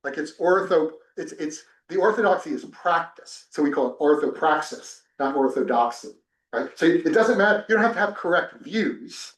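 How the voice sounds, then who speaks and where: A man's voice: a little high, normal speed. A man from New Jersey, a religion professor, teaching a class and telling personal stories with many restarts. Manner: animated storytelling with many restarts. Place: temple classroom. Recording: echoey room.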